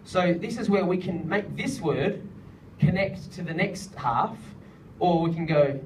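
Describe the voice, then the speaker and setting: This music director's voice is high-pitched and darkish, animated yet at a measured pace. Leading a songwriting workshop, he jokes with the group and repeatedly sings lines to demonstrate melody, recorded far from the mic amid faint ambience and slight background noise.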